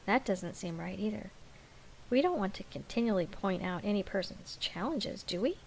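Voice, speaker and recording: A woman's voice: medium pitch, animated, normal speed, gravelly, slight background noise, low-quality recording. Polite, inquisitive woman parent. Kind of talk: scripted dialogue.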